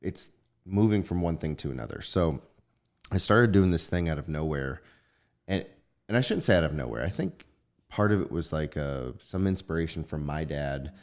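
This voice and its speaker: A man with a very low, deep voice tells a casual story on a podcast. He gets animated and acts out the lines he says to his young son. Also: moderate pace. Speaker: podcast co-host. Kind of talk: casual chat.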